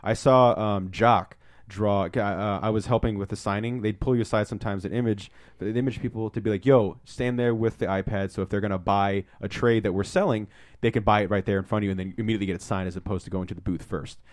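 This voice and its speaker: A young man co-hosting a podcast, telling stories in a casual, excitable way, swearing often and acting out what people said. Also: fairly low pitch, fast, no room sound, studio quality. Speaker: podcast co-host. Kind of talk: casual storytelling chat.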